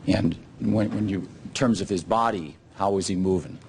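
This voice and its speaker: Low-voiced male prosecutor questioning. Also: creaky, a little mellow, a little hiss or hum. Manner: halting, many fillers and restarts. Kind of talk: courtroom questioning.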